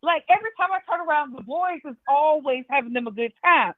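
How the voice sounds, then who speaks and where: A woman's voice: high voice, expressive, fast talker, no echo. A woman calling in to a casual gossip chat, talking emphatically and exclaiming in reaction. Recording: tinny phone line.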